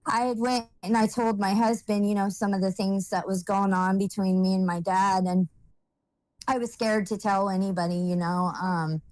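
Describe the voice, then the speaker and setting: A young adult woman telling her own life story in a casual monologue, halting and searching for words, emotional and holding back tears. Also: mid-range voice, steady tone, a little mellow, dry recording, rough recording. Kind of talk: personal testimony, casual monologue.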